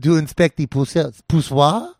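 A man voicing a hammy male French detective with a put-on French accent, speaking in a halting, playful way. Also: fairly high pitch, animated, darkish tone, no echo, studio quality.

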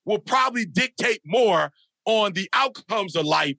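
A middle-aged man speaks as a motivational speaker on a podcast, with a high voice and a gravelly, sharp edge. He tells his stories emphatically, like a preacher, hammering home phrases by repeating them. The sound is close and dry. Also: lively intonation, unhurried, no room sound. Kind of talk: animated storytelling in a podcast interview.

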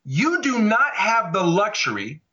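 A man's voice: high voice, very animated, measured pace, bright, forceful tone. A man co-hosting a podcast, arguing his views in passionate, emphatic casual talk. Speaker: podcast co-host. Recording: dull lo-fi audio.

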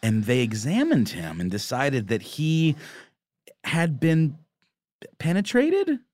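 A man co-hosting a casual podcast chat, joking and excitable, jumping up in pitch when something delights him. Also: slow, no echo, studio quality. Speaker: podcast co-host.

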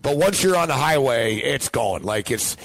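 A man's voice: medium pitch, animated, moderate pace, fairly bright tone, dry recording, poor audio. A young man hosting a sports betting show, chatting casually and rambling, often repeating himself.

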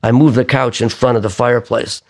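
A man's voice: mid-range voice, steady tone, brisk, a little mellow. An older man telling a long story in a casual, rambling way, often restarting his sentences. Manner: rambling, self-correcting raconteur. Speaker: singer-songwriter guest.

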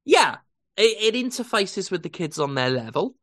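A man co-hosting an improvised comedy podcast, giving deadpan mock-therapy advice. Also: high voice, moderate pace, dry recording, clean studio sound.

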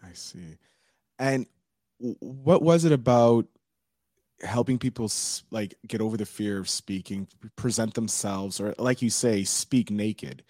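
Guy host asking stuff, low voice, bit halting, dry sound. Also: dark tone, no room sound. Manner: hesitant, stumbles over words. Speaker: podcast host. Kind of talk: casual interview.

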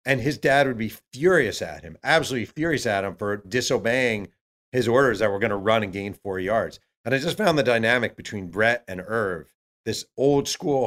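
A man, an author guest in an interview, telling stories in a lively way and acting out what others said. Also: medium pitch. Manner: acts out quotes of others, many fillers. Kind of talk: animated storytelling.

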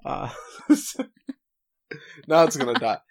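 A man's voice: medium pitch, takes it slowly, gravelly. A man hosting a casual podcast, recapping episodes with playful jokes and asides. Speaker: podcast host.

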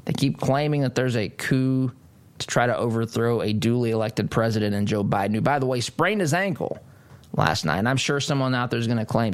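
A man's voice: mid-range voice, fairly quick. A man hosting a political talk radio show, delivering an emphatic monologue with mocking asides. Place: studio.

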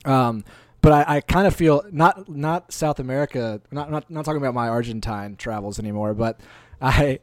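A man's voice: mid-range voice, normal speed, no echo. A man from North Carolina in casual chat, telling stories in a rambling, hedging way.

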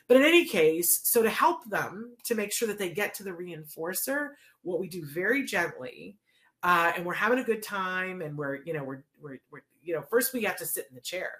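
A woman with a somewhat low, relaxed voice explains a teaching method in plain, casual speech. She walks through everyday examples and keeps checking that the listener is following. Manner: chatty, checks in with "right?".

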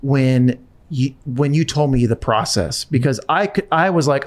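A man's voice: mid-range voice, unhurried. A man hosting a podcast, asking questions and cracking jokes. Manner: animated and joking. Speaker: podcast host. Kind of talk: casual podcast chat.

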